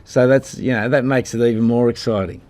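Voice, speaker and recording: A man's voice: mid-range voice, fairly even intonation, a little fast, a little mellow. A man in his sixties from Australia, a rugby head coach answering at a press conference in a blunt, combative way, calling people mate.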